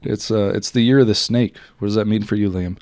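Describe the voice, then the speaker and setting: A man's voice: lowish voice, fairly even intonation, brisk, darkish tone, no room sound. A young man co-hosting a podcast, laid-back and agreeable, riffing along with laughs. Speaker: podcast co-host. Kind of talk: casual comedic podcast banter.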